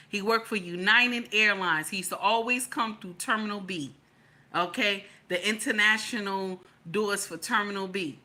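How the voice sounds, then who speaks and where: A woman's voice: mid-range voice, pushed and bright. A woman giving casual opinion commentary, colloquial and emphatic, repeating her lines for stress. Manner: colloquial, slangy.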